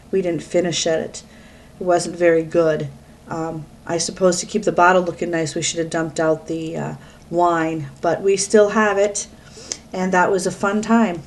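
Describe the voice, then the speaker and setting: Rambling, chatty woman with a low voice. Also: a little mellow, slight background noise. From Pennsylvania, US East Coast. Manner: rambling, chatty, self-interrupting. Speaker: vlogger. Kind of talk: casual talk to webcam. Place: at home, alone. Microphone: webcam.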